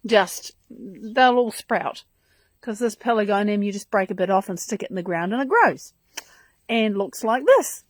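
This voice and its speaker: A woman's voice: medium pitch, lively intonation, measured pace, no room sound. A woman hosting a casual live stream from her front garden outdoors, chatting in a rambling, enthusiastic way into a handheld phone.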